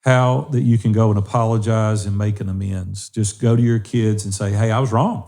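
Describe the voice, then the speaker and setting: A man's voice: fairly low pitch, steady tone, normal speed, creaky, dark tone. A middle-aged man co-hosting a faith-based podcast, earnestly encouraging listeners. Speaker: podcast co-host.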